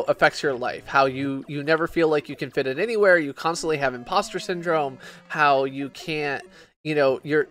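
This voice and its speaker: Tipsy male streamer, talkative and profane, voice pitched a bit high. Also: fairly bright tone. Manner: rambling, swearing, many restarts and fillers. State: drunk. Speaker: game streamer. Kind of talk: casual rambling chat while gaming.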